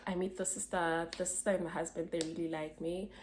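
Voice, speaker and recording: Chatty South African woman, low-toned. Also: steady tone, fairly quick, background noise. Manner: chatty, slangy, laughs as she talks. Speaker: vlogger. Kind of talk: casual storytime.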